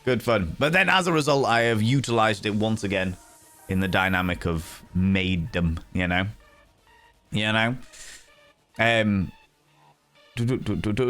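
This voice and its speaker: Flamboyant low-voiced man streaming live. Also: a little slow, long pauses, a bit bright, soft background music. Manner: flamboyant, theatrical, camp. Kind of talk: casual live-stream chat.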